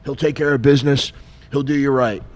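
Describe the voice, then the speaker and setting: A man voicing a gruff, excitable army sergeant who talks loud and boastful in a raised voice. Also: mid-range voice, a little fast, voice pushed up, lightly acted.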